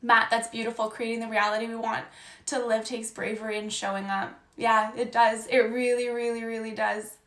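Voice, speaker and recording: A woman's voice: a little high, level tone, moderate pace, fairly bright tone. A young woman, a life coach, giving an earnest, encouraging message on a live stream. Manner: earnest and encouraging, reading viewer comments aloud. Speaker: life coach and podcast host. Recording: echoey room.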